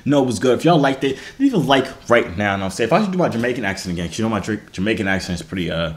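A young man vlogging in casual slang, animated and self-mocking as he jokes about himself. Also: fairly low pitch, very fast, echoey room. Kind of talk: casual vlog chat.

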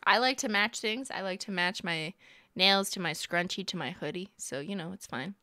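A woman's voice: lowish voice, moderate pace, bright, forceful tone, no echo, clean studio sound. A young woman from Canada giving casual, playful and sarcastic live-stream commentary as she reacts to videos, laughing often.

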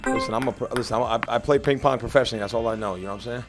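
A man hosting a gameplay video, brash and profane, joking and bursting into shouts. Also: mid-range voice, rapid-fire, soft background music. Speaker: gaming video host. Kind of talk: casual gameplay commentary.

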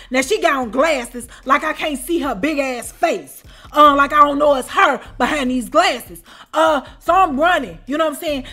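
High-voiced woman telling a story. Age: adult with children. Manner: animated, keeps asking "you know what I'm saying?". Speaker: storytime channel host. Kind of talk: casual storytime.

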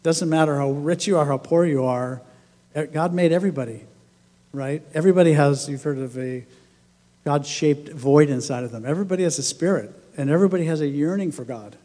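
Male pastor, slightly high pitch, conversational sermon storyteller, church hall reverb. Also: a little fast, mellow. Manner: conversational storytelling, acts out quoted voices, laughs often. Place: church sanctuary.

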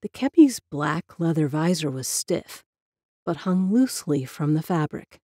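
A woman reading a spooky story as narrator, with a measured, dramatic manner. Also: sits low, very animated, dark tone, no echo, clean studio sound. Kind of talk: scripted ghost story narration. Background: faint music.

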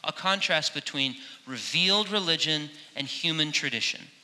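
Bright-voiced man preaching a sermon. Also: on the high side, normal speed. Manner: animated, acts out quoted speech with playful emphasis. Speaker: pastor. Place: large church sanctuary. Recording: long hall reverb in a church.

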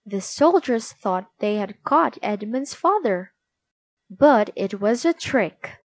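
A woman reading a children's storybook aloud in a slow, expressive way. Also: medium pitch, no echo. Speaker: narrator.

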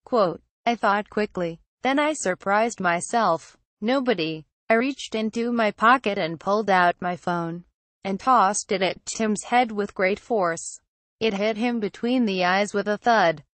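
A woman tells a scary story in the first person, keeping an even, steady reading pace. Her voice sits in a middle pitch. The recording is dry and close to the mic. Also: measured pace, no echo. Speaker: narrator. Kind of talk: scripted horror story narration.

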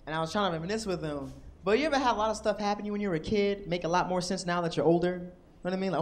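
Young male comedian, high voice, animated delivery, handheld mic on a club stage. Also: very fast, slight background noise. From Washington, D.C. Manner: animated, acts out characters with shouted high voices. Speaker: stand-up comedian. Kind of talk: stand-up comedy set.

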